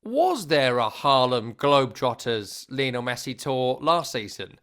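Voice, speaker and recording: A man over thirty-five co-hosting a casual football podcast, telling jokey, animated stories. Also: mid-range voice, measured pace. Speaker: podcast co-host.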